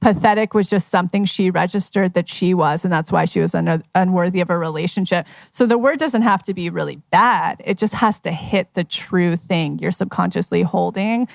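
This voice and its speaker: Chatty woman coach with a gravelly edge. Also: on the low side, normal speed, few pauses, dry recording. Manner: chatty, filler-heavy, storytelling. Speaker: manifestation coach, guest. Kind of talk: casual talk to a live audience. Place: live event at a members' club.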